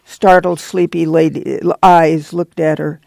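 A man narrating an audiobook in a measured, steady storytelling manner. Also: on the high side, creaky, no room sound. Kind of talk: scripted literary narration.

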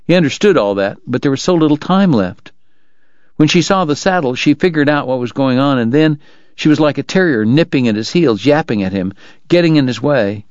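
Radio book reader guy, measured dramatic reading, dull dry sound. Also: mid-range voice, no echo. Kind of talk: audiobook narration.

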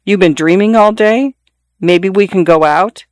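A man's voice: high-pitched, a little slow, dry recording, studio quality. A man voicing an older husband who teases and presses with questions. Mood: probing. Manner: coaxing, questioning. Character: older husband, teasing, probing.

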